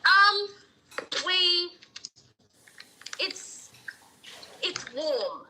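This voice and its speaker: A woman's voice: very high voice, sing-song, extremely slow, bright, forceful tone, slight background noise, low-quality recording. An Australian woman from Australia, a phone-in guest chatting casually and laughing as she explains things at length. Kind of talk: casual chat. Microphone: phone call.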